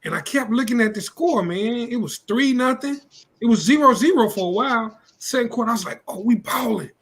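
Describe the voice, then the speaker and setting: A man co-hosting a casual sports podcast, telling stories in an animated way. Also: extremely high pitch, fairly quick, poor audio. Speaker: podcast co-host.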